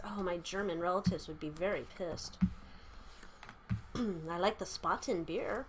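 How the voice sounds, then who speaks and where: A woman's voice: on the low side, unhurried, pauses often, heavy background noise. A woman giving a casual tarot reading, rambling and chatty, irreverent, with casual swearing. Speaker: tarot reader.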